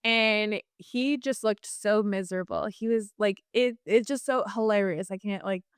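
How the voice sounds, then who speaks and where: A woman guest telling a personal story in a casual interview, chatty and animated, with lots of fillers and restarts. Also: mid-range voice, unhurried, smooth, dry recording, studio quality.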